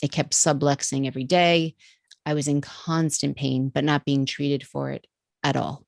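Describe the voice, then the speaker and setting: Woman, podcast guest, lively storytelling, deep, gravelly. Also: moderate pace, no echo, studio quality. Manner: vivid, animated storytelling with acted quotes. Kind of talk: storytelling in an interview.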